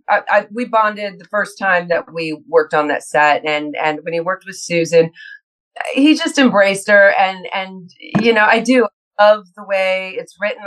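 A woman's voice: mid-range voice, fairly bright tone, poor audio. A woman in her fifties, an actress guest in an interview, talking casually and bubbly with frequent laughs and restarts.

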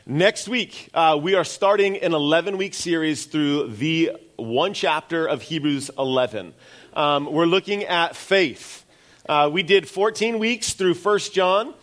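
A man's voice: on the high side, unhurried, a bit bright. A middle-aged man preaching a sermon as pastor, in a conversational way with self-deprecating asides.

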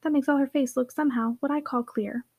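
Plain, earnest little girl, quick talker, played by a woman. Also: high-pitched, steady tone, darkish tone.

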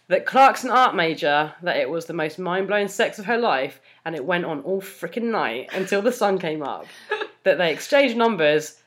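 A woman co-hosting a podcast, reading fan fiction aloud and chatting, laughing often mid-sentence. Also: fairly low pitch. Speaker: podcast co-host.

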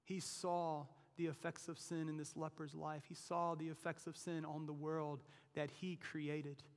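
A fairly high-voiced man preaching a sermon to a church. He presses hard on his key lines and then drops to near-hushed tones. The sound carries a long reverb from a big hall. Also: little pitch movement, measured pace. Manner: emphatic preaching, voice rising to near shouts and dropping low. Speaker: pastor. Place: church sanctuary.

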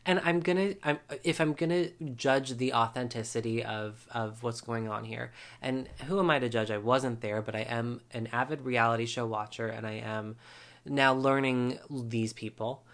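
A man's voice: medium pitch, steady tone, moderate pace, fairly bright tone. A man hosting a podcast, recapping a reality show episode in a casual, chatty way with wry asides and frequent ums.

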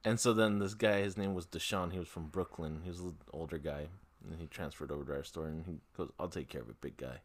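A man hosting a podcast, telling stories in a casual, profane, animated way. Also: low-pitched, fast. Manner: swearing storyteller, animated. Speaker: podcast host. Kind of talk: casual chat.

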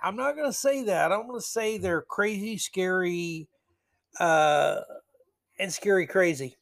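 Male podcaster, somewhat higher pitch, sarcastic rambling commentary. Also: unhurried, vocal fry. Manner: sarcastic, mocking, rambling asides. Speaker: podcast host.

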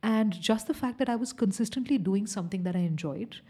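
A woman in her thirties from India, a podcast guest telling candid stories in an animated, exclamatory way. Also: medium pitch, brisk, slightly rough. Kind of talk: candid storytelling chat.

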